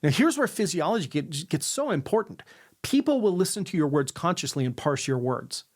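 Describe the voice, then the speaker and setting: This man speaks fairly quickly with big swings in pitch, teaching sales influence methods in an instructional video to camera. He often tacks on "right?" and demonstrates intonation by closing his sentences on a lower note.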